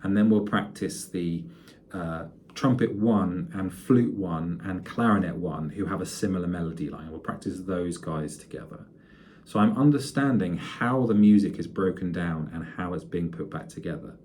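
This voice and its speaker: A man's voice: sits low, moderate pace, darkish tone, slight background noise. A man lecturing music students in a conversational way, with many fillers and restarts.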